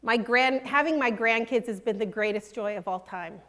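An older woman preaching a sermon, earnest and emphatic, sometimes dropping to a hush. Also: a little high, moderate pace. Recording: long hall reverb.

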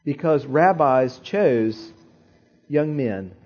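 Man, pastor, sermon storytelling, husky voice, dramatic repetitions, muffled recording. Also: medium pitch, expressive, drawn-out words, darkish tone.

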